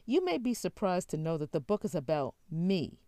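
A woman reading the lines of a grown son who speaks calmly and matter-of-factly. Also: lowish voice, normal speed, dry recording, studio quality. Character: calm grown son, frank and assured.

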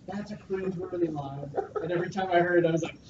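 A man in a casual podcast chat, telling animated stories and swearing freely. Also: sits high, fast talker. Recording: distant mic, dull sound, faint hiss.

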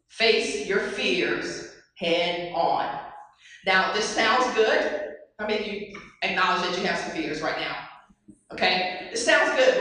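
A woman giving an animated motivational speech, telling stories and putting questions to an audience in a large hall. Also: mid-range voice. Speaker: motivational speaker. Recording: very echoey hall, far mic.

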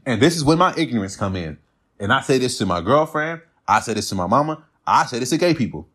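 A man's voice: mid-range voice, big pitch swings, fast, a bit bright. A man ranting bluntly and profanely in a casual monologue, mocking others with put-on quotes.

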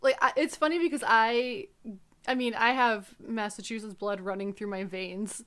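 A woman's voice: fairly high pitch, fairly even intonation, normal speed, a bit bright, clean tone. A young woman from upstate New York co-hosting a casual podcast, chatty, laughing and swearing freely. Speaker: podcast co-host. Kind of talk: casual chat.

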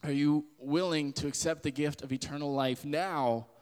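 A man's voice: a little high, fairly even intonation, normal speed, a little mellow, clear, resonant tone, in a large hall. A man in his twenties giving a casual spoken sermon as a podcast host, earnest and conversational. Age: 20s. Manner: earnest and conversational, with frequent laughs and fillers.

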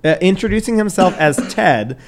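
A man's voice: high-pitched, lively intonation, normal speed. A man hosting a podcast, telling a crime story in loose, casual chat, swearing, laughing and tripping over names. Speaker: podcast host.

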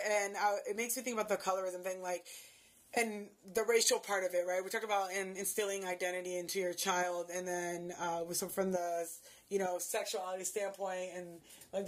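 A woman from Haiti in casual podcast chat, playful and expressive, with lots of slang. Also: medium pitch.

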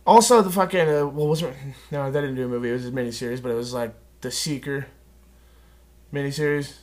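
A man's voice: medium pitch, fast, darkish tone. A man in his thirties chatting casually as a podcast co-host, rambling and swearing freely in slangy talk. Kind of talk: casual chat.

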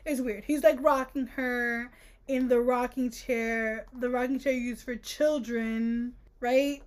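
High-voiced sarcastic young woman. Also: takes it slowly. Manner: sarcastic, animated, frequent laughter. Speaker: podcast co-host. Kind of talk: casual book-discussion podcast.

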